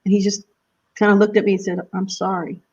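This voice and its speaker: A woman's voice: medium pitch, level tone, fast, mellow, breathy edge. Woman guest, muffled lo-fi audio. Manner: emotional storytelling, frequent laughs. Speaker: guest musician. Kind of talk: casual interview chat.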